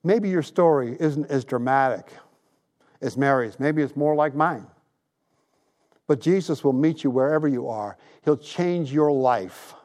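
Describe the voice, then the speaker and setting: A man's voice: medium pitch, a little slow, a little mellow. A man in his sixties preaching a sermon, retelling a story with emphasis and making earnest appeals. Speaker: pastor.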